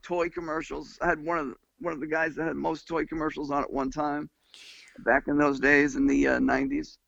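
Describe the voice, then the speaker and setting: A man's voice: a little high, fairly quick, creaky, dry recording. An older man from New York with a Long Island accent, telling stories as a musician guest in a casual interview and humming tunes as he goes. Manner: animated, sings and hums tunes mid-story. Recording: dull lo-fi dry sound.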